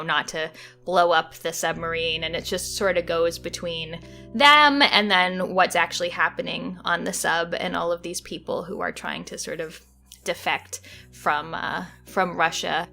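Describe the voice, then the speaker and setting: A woman's voice: fairly low pitch, fairly even intonation, measured pace, gravelly, pushed and bright, faint music behind. A woman co-hosting a casual podcast, chatting loosely about movies with lots of fillers. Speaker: podcast co-host.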